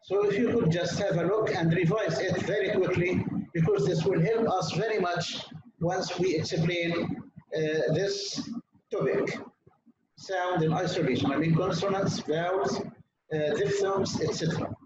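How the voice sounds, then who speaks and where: A man giving an introductory university lecture, speaking deliberately, repeating key terms and checking in with "Okay?". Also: sits high. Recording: distant, dull, noisy, very echoey room.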